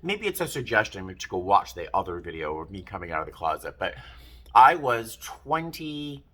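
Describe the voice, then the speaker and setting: A man's voice: lowish voice, very animated, normal speed, sharp tone. A man, telling a personal story in a casual, rambling vlog, often breaking off and restarting his sentences. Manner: chatty, rambling, self-interrupting. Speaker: vlogger.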